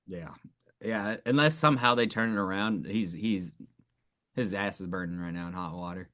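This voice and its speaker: A man's voice: low voice, normal speed, fairly bright tone. A man co-hosting a sports podcast, talking in a laid-back, casual way with frequent swearing and laughter. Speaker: podcast co-host.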